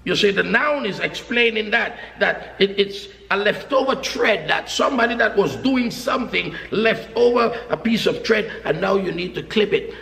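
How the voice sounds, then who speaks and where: A man preaching in a very high, bright voice that swings widely in pitch and turns gravelly at times. He drives his points home through repetition and frequent shouting. The sound carries the long echo of a large hall. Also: animated, normal speed, few pauses. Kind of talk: sermon. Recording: echoey hall with long reverb.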